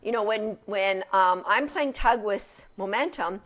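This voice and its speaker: A woman's voice: medium pitch, measured pace, fairly bright tone. A woman dog trainer giving an informal lecture from her couch at home in a chatty, casual way with frequent restarts.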